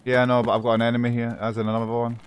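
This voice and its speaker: A man in casual voice chat during a shooter game, excitable, swearing a lot and calling out to his squad over a headset mic. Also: medium pitch, racing, slight background noise. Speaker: squad player.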